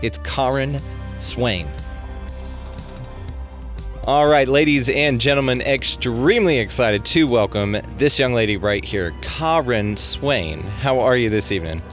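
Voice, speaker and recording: A man's voice: medium pitch, measured pace, faint music behind. A man hosting a podcast interview, introducing his guest in an upbeat, enthusiastic way. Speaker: podcast host.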